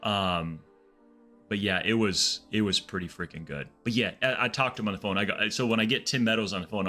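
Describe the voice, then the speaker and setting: A man streaming a game, telling long rambling stories in a casual, animated way, with lots of restarts. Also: lowish voice. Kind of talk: casual storytelling chat.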